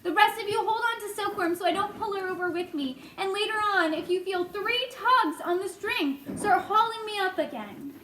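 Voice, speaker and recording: A woman's voice: extremely high pitch, normal speed, few pauses, bright, forceful tone, echoey room, a little hiss or hum, pitched above the performer's own voice. A woman voicing a brave young boy in a storybook, urgent and commanding.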